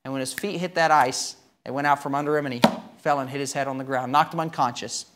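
A man preaching a sermon, telling a story with emphatic swings between loud and quiet. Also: medium pitch, steady tone, fast talker, heavy background noise.

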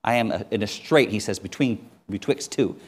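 A man preaching a sermon as a missionary, telling stories with sudden swings between loud and quiet. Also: lowish voice, normal speed.

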